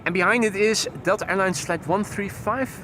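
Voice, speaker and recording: A man's voice: high voice, normal speed, bright, forceful tone, slight background noise. A man hosting a live plane-spotting stream, reading out flight details with wry, joking asides from outdoors by an airport runway. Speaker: plane-spotting livestream host. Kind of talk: live aviation commentary.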